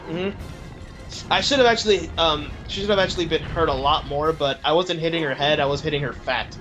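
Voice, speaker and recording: A man narrating his own gameplay in a casual let's play, chatty and quick to laugh as he explains what he is doing. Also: fairly high pitch, over music. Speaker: let's play host playing the game. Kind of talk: casual game commentary.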